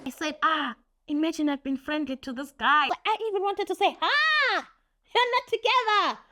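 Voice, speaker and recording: A young woman telling a story on her vlog in a lively, laughing way, acting out what people said. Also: sits high, a little fast. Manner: animated, laughing, acts out quotes. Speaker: vlogger. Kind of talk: casual story time.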